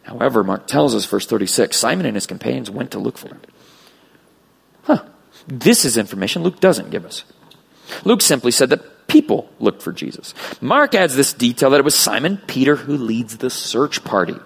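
A middle-aged man preaching a sermon as pastor, lively and dramatic, with a gravelly, husky voice. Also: mid-range voice, moderate pace. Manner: animated preaching with acted voices of children.

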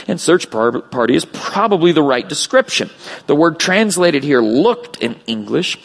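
A middle-aged man preaching a sermon as pastor, lively and dramatic, with a gravelly, husky voice. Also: a little high. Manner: animated preaching with acted voices of children.

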